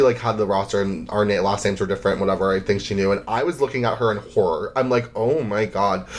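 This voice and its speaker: A man in his twenties hosting a podcast, telling a travel story in a rambling, chatty way full of "like" fillers. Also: on the low side. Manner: chatty, rambling, heavy use of "like". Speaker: podcast host. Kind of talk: casual storytelling.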